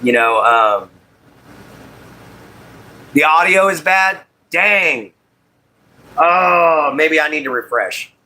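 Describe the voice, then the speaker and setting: A man's voice: fairly high pitch, expressive, takes it slowly, long pauses, pushed and bright. A man hosting a casual livestream while making a walking stick, greeting viewers by name and apologizing about his audio. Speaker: livestream host.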